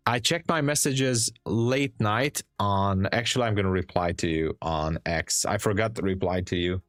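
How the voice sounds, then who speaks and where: A man from Hungary with a Hungarian accent, chatting with viewers and calmly explaining charts as a day trading streamer. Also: low-pitched, moderate pace, hardly any pauses, no room sound, studio quality, faint music behind. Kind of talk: live-stream chat and trade commentary.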